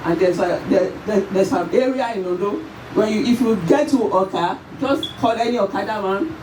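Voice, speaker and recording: A Nigerian woman giving an emotional tribute at a memorial service, her voice shaking as she tells the story in halting, repeated phrases. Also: mid-range voice, darkish tone. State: tearful, voice shaking. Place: church or event hall at a memorial service. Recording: echoey hall, far from the mic, faint noise.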